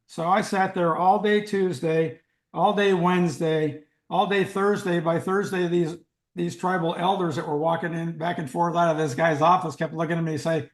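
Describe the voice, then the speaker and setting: An older man telling a dramatic life story as an interview guest, in an animated way. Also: on the high side, moderate pace. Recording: roomy echo.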